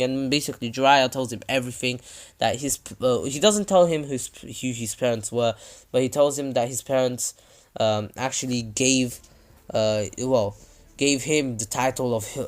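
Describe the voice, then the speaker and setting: Man with a mid-pitched voice who narrates a fan story loosely and chattily, over faint music. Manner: rambling, with many restarts and fillers. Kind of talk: casual fan-story retelling.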